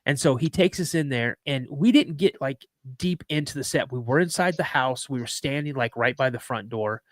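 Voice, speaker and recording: A man's voice: medium pitch, moderate pace, no room sound. A man hosting a podcast, telling casual, rambling anecdotes and often restarting and repeating his words. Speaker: podcast host. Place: live podcast show.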